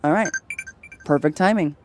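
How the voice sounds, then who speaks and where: Over a noisy background, a young woman with a low voice chats at a moderate pace during a game stream. She laughs often while explaining and imitates voices in her anecdotes.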